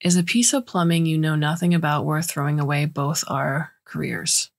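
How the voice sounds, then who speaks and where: A wary young male alien researcher pushes back with indignation, voiced by a woman reading a story. The tone is husky and fairly low. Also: normal speed. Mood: indignant.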